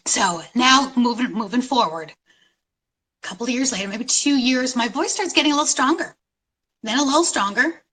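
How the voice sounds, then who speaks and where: A middle-aged woman from New York City telling her story at a conference in an animated, storytelling way, with dramatic pauses. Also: a little high, husky, rough recording. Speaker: conference speaker. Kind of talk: inspirational talk.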